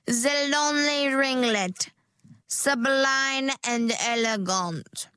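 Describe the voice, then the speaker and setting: Woman doing a grand, slow-talking mermaid stylist. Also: sits high, bright, forceful tone, clear, resonant tone, no echo, pitched above the performer's own voice, exaggerated voice. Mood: gushing. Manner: slow, drawn-out, grandly persuasive sales talk. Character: pushy theatrical mermaid hair stylist, female, middle-aged. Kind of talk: storybook character voice.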